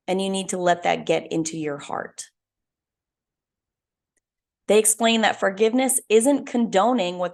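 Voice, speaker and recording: A story comes from a young woman podcasting by herself, and she tells it with genuine, earnest feeling. Her reflective talk is carried by a voice that sits a bit low with a steady gravelly edge.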